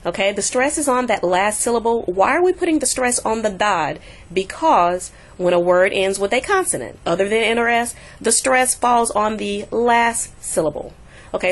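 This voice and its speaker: A woman teaching a recorded language lesson, patiently repeating example words slowly to show the stress. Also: mid-range voice. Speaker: Spanish teacher.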